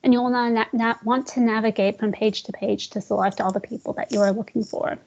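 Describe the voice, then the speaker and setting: A real estate software trainer runs a screen-share tutorial for agents, loose and friendly, calling them "guys" and joking when the screen lags. Her slightly high voice is steady in tone and creaky. The audio is dull and lo-fi, like a web call.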